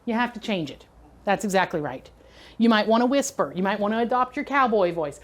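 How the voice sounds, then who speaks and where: A woman's voice: mid-range voice, lively intonation, a little fast. A middle-aged woman giving a preschool teacher training lecture, chatty and conversational, checking in often with her listeners. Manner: conversational, checks in with "okay?" and "right?".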